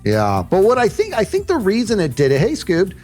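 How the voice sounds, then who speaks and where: A man telling a story on a livestream in a casual, animated way, often saying "dude" and acting out what people said. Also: sits high, a little fast, faint music behind. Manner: animated, says "dude" and "bro" often, acts out quotes.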